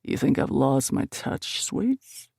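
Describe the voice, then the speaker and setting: Woman narrator putting on a teasing male best friend: a bit lower, slow and playful, with a gravelly edge, audiobook. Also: expressive, dark tone, dry recording, studio quality, heavily acted.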